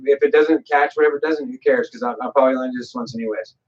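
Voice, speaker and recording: A man talking on a livestream as a guest, telling stories with animated delivery and voiced quotes. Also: mid-range voice, very fast, highs cut off, a crowd in the background. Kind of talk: livestream talk, storytelling.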